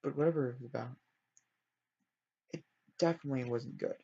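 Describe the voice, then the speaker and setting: A man's voice: mid-range voice, a little fast, mellow, slightly rough. A man casually narrating a story he builds in a life-simulation game, rambling and often correcting himself, on a dull lo-fi recording. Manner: rambling, self-correcting, apologetic. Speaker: let's play storyteller.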